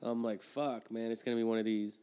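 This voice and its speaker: Mid-pitched man, foul-mouthed and loose, rambling storyteller on a podcast. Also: little pitch movement, fairly quick, dark tone, clear, resonant tone. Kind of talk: casual podcast chat.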